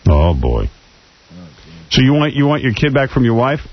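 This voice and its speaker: A brash male radio host talks in a lively, swinging voice with a husky edge. He teases and jokes. The audio is dull and lo-fi, like an old broadcast. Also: medium pitch, normal speed. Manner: brash, teasing, animated. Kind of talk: radio talk show.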